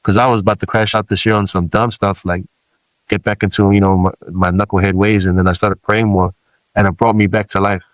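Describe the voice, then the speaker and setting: A low-pitched man from Samoa speaks as a podcast guest, earnest and reflective, circling back and restarting his thoughts. The sound is close and dry, with no room around it. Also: level tone, brisk, dry recording, rough recording. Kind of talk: candid podcast conversation.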